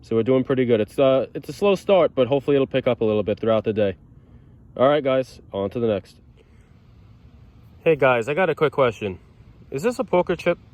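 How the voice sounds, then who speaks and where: A man with a New York accent, narrating his metal detecting finds outdoors in casual, chatty vlog style and getting excitable. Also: medium pitch, dry recording. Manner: excitable, chatty, stumbles over words when thrilled. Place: outdoors in thick brush.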